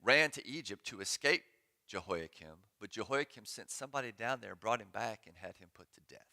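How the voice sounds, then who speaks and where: A man's voice: lowish voice, expressive, fairly quick, creaky, bright, forceful tone. A man giving a sermon as pastor in a church sanctuary, conversational and joking, with sarcastic asides.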